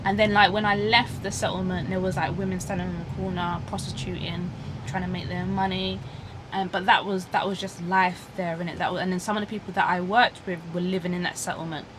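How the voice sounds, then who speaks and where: A woman telling a lively story as a guest in a taxi, acting out the voices of the people she met. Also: on the low side, brisk, background noise. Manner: animated, acts out quoted voices, says "innit". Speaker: guest passenger. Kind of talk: casual storytelling chat. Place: inside a taxi.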